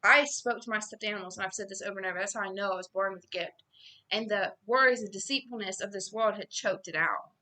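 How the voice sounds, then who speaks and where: A woman giving an informal Bible reading and sermon, earnest and growing loud and emphatic as she preaches. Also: mid-range voice, quick pace. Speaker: self-styled preacher.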